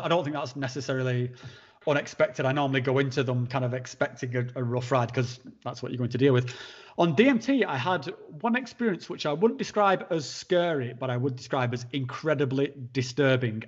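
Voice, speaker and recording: A man, a podcast guest telling a long personal story in a halting way, with many restarts and fillers. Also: medium pitch. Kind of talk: conversational storytelling. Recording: dull lo-fi sound.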